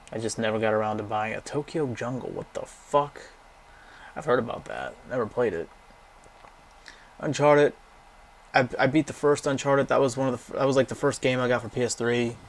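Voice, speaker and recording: A young man casually rambling through a game library, giving blunt, profane opinions and going off on tangents. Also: medium pitch. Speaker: gaming vlogger.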